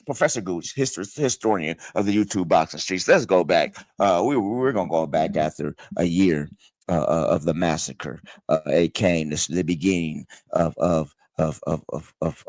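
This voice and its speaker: A fifty-year-old man hosts a casual boxing livestream with a fairly low voice, close and dry on the mic. He talks trash loosely, stumbling into repeated words and swearing as he reads the chat. His voice jumps up high when he gets worked up. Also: no room sound. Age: 50s. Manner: animated, stuttering repetitions, profane trash talk.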